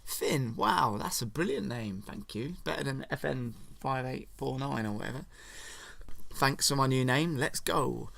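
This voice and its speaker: A man's voice: medium pitch, animated, unhurried, vocal fry, fairly bright tone, dry recording, heavily acted. A man voicing a nervous, grateful young runaway soldier in a storytime retelling. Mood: earnest. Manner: earnest, simple.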